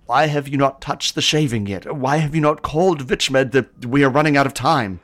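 A man's voice: fairly low pitch, fairly quick, natural voice. A man voicing a frightened female seer whose breath is ragged, stammering through panicked pleas.

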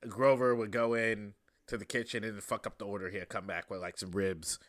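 A young adult man hosting a casual monologue, rambling and relaxed with many fillers. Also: lowish voice, moderate pace. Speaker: host.

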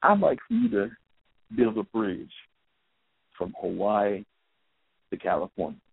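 A man's voice: lowish voice, huge pitch swings, a little slow, vocal fry, slightly rough, no echo, exaggerated voice. A man voicing a polite, earnest older grandfather making requests. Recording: tinny phone-like, dry.

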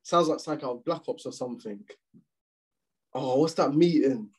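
A young man chats on a podcast, his voice dark and a little husky. He talks in loose slang, swears freely and gets animated when he rants. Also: medium pitch, normal speed, rough recording. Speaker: podcast co-host. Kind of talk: casual chat.

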